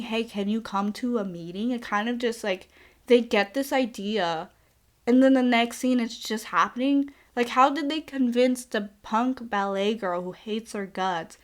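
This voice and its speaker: A young woman casually recapping a movie plot in a chatty, sarcastic way, filling her talk with "like". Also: on the high side. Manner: sarcastic, chatty, says like a lot. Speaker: podcast host.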